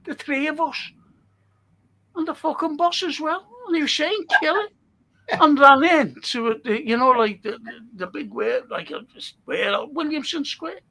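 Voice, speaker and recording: A man, a guest telling animated stories, swearing freely and laughing as he goes. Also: extremely high pitch, normal speed, gravelly. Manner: animated, swears a lot, laughs mid-story. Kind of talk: casual chat, storytelling.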